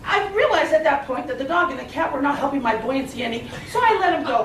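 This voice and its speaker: A woman delivering a humorous tall-tale speech with a theatrical, lively delivery, recorded from far off in an echoey, noisy hall. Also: high voice, quick pace. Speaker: speaker.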